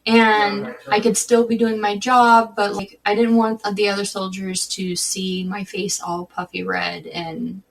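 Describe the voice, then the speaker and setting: A woman speaks as a guest on a podcast interview, recounting her own story in a candid, conversational way. She often restarts mid-sentence, and her middle-pitched voice sounds a little distant from the microphone. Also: fairly bright tone, a little hiss or hum.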